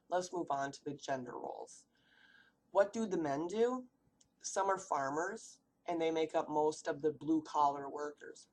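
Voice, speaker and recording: A woman's voice: low-pitched, darkish tone. A woman from the United States giving a read-aloud class presentation, asking rhetorical questions as she goes. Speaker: student presenter.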